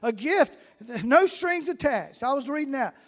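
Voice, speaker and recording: High-voiced preacher in echoing hall. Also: male voice, animated, measured pace. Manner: storytelling, rising to fervent shouts. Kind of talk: sermon. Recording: long reverb in a hall.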